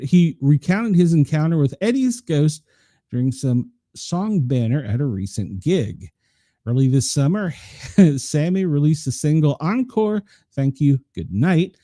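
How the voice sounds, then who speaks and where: A man's voice: a little high, mellow, no echo, clean studio sound. A male radio host reading the news aloud, with chatty laughing asides and many restarts.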